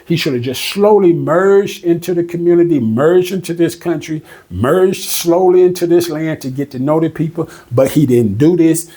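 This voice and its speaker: Male Bible teacher, slightly high voice, casual and emphatic, slow over the verses. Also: mellow, breathy edge. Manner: emphatic and conversational, reads scripture slowly. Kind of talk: casual Bible study commentary.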